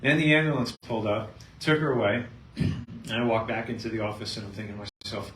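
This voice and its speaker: A middle-aged man, a chiropractor, speaking to a live seminar audience and telling a patient story with lively storytelling. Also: lowish voice, fairly quick. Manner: storytelling, acting out both sides of a patient story, animated. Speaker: chiropractor giving a health seminar. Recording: echoey room, mic at a distance, faint noise.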